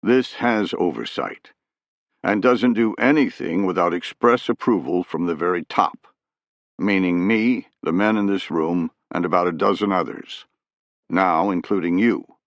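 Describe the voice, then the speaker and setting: Man playing a steady president in an audiobook, low gravelly voice, soothing and firm, dry. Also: dry recording, muffled recording. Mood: calm. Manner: measured, placating. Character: calm older male president, measured and authoritative.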